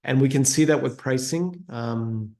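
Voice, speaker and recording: A man's voice: mid-range voice, a little slow, mellow. A man giving a webinar presentation on trade data, hesitant with many fillers and restarts and an uneven pace.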